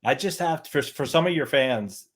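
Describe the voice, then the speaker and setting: A man co-hosting a casual livestream chat with an author, easygoing and quick with short affirmations. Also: mid-range voice, lively intonation, breathy edge. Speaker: author co-host.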